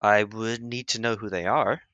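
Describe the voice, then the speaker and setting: A game master voicing a calm, knowing male advisor who speaks in a measured, matter-of-fact way. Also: medium pitch, no echo, lo-fi sound, voice pushed down, natural voice. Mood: curt.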